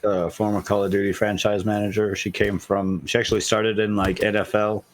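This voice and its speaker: A man co-hosting a casual gaming podcast, running through news with many halting fillers and blunt jokes. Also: fairly low pitch, flat delivery. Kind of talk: casual chat.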